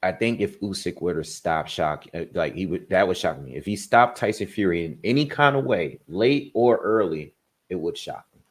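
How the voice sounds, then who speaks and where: Man, low-pitched voice, livestream host, casual chat, home setup, rattles off viewer shout-outs. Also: lively intonation. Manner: rattles off viewers' locations in quick bursts; thinks aloud with restarts when giving his predictions.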